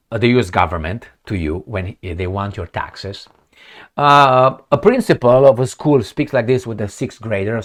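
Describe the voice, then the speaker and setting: Mocking, animated male commentator. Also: fairly low pitch. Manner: sarcastic, mocking, emphatic. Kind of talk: profane political commentary.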